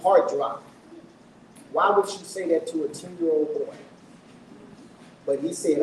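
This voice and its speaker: A man's voice: fairly high pitch, fairly even intonation, moderate pace, pauses often, a little mellow. A middle-aged man speaking at his book launch, telling a personal story to an audience in an earnest, emotional way and asking them questions. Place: event room with an audience. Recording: echoey room, voice from a distance, faint noise.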